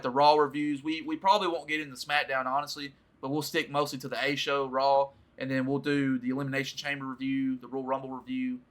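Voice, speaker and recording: A man hosting a casual podcast, laid-back and quick to laugh, who acts out lines as he retells matches. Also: medium pitch, pushed and bright. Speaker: podcast host. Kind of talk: casual chat.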